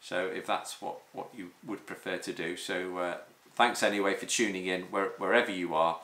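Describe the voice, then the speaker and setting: Bright-voiced fitness coach. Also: male voice, deep voice, steady tone, normal speed, a little hiss or hum. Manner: rambling with frequent restarts and 'um'. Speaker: personal trainer and online fitness coach. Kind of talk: casual podcast monologue. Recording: roomy echo.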